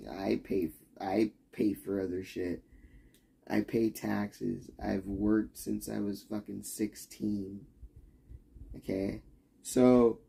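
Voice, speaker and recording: A man's voice: fairly low pitch, vocal fry, warm tone, slightly rough. A young man from the United States ranting sarcastically and profanely at his livestream chat.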